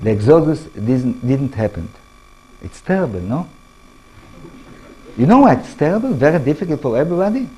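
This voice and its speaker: An older man with an Israeli accent giving a lecture to an audience, in halting English, often restarting words and asking the listeners questions. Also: fairly high pitch, big pitch swings, a little mellow, husky, low-quality recording. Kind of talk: public talk to an audience.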